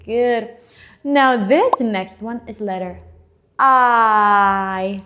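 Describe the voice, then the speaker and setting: A woman teaching English letter sounds to young children, speaking slowly and clearly, with exaggerated letter sounds and lots of encouragement. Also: medium pitch, pushed and bright, a little hiss or hum. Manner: encouraging, repeats and invites kids to join in. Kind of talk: children's phonics lesson.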